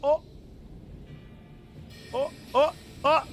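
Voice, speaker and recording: A young man streaming a video game live, commenting as he plays and breaking into excited shouts. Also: sits high, moderate pace, long pauses.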